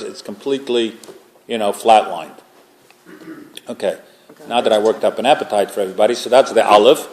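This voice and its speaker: A man's voice: mid-range voice, darkish tone. Man teaching a casual Torah class. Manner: conversational, joking asides to the group. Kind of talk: informal religious lecture.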